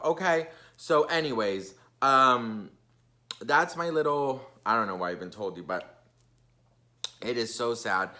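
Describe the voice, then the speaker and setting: Chatty gossipy young man, bright voice. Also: mid-range voice. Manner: chatty and gossipy, many fillers. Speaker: vlogger. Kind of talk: casual storytime vlog.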